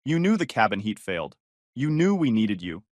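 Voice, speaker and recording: A male narrator voicing a shrill, self-pitying middle-aged mother who shrieks and accuses. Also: very animated, normal speed, darkish tone, dry recording, clean studio sound. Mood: accusing. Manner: shrieking, dramatic.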